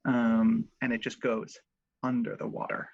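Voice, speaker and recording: A man's voice: medium pitch, flat delivery, unhurried, gravelly, muffled recording. A man playing a tabletop game, narrating in a dry, matter-of-fact way. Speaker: player. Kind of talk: casual tabletop play.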